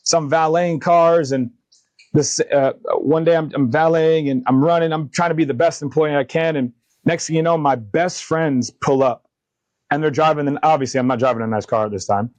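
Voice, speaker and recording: A man's voice: on the high side, brisk, no room sound. A man in his thirties, a company founder and podcast guest, telling candid stories about his faith and leadership, acting out the dialogue with energy. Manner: earnest, animated retelling of dialogue, faith-driven. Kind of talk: candid interview storytelling.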